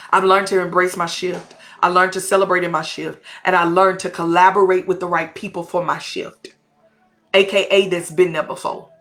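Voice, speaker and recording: Texan woman pastor, middle-aged, drawl, bright forceful voice, fervent colloquial preaching to a live audience. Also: on the low side. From Texas, US. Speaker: pastor and podcast host. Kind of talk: impassioned motivational talk to a live audience.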